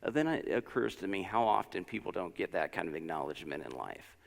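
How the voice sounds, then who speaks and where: A man delivers a relaxed, conversational church lesson with a low, gravelly voice. He talks informally, drifting into personal stories and encouraging asides. A long reverb from the sanctuary hangs behind his words. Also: fast. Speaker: lesson speaker at a church service. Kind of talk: conversational sermon.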